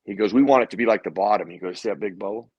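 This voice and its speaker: A man's voice: lowish voice, very fast, husky, no room sound, highs cut off. A man, a guest in a casual interview, telling a personal story and acting out what other people said. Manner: animated storyteller who acts out other people's lines.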